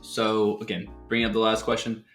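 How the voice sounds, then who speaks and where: A man's voice: on the low side, completely flat delivery, fairly quick, a bit bright, soft background music. An American man chatting as a guest in an easygoing way, with many "like"s and "right?"s. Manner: easygoing, filler-heavy, lots of "like" and "right?". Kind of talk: casual chat.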